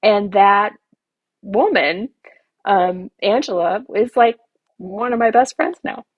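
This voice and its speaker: Woman, husky voice, dry close sound, emotional rambling storytelling, podcast guest. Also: mid-range voice, takes it slowly, no echo, highs cut off. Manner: emotional, rambling with many asides. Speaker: podcast guest, garden designer. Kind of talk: personal storytelling in an interview.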